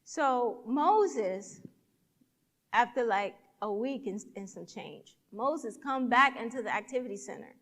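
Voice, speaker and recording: A woman's voice: on the high side, animated, slow pace, a bit bright, big-room sound. A woman speaker at a church event, telling a personal story in a sermon and acting out the dialogue with animation.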